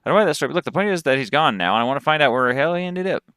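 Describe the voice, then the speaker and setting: A man's voice: on the high side, lively intonation, very fast, fairly bright tone, smooth, no echo, pitched above the performer's own voice. A man voicing a folksy, earnest cowboy quest-giver man in a video game, reading his lines aloud with a put-on cowboy drawl.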